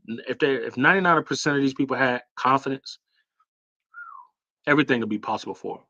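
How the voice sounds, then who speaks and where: A man hosting a casual livestream Q&A, talking loosely and with hype, with lots of fillers and shout-outs to viewers. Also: mid-range voice, dull audio. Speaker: host.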